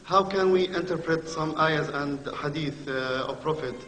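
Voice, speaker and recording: A man asking a question from the audience, hesitant and broken up by many pauses. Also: on the high side, a bit bright. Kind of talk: question from the floor. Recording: echoey hall with faint ambience.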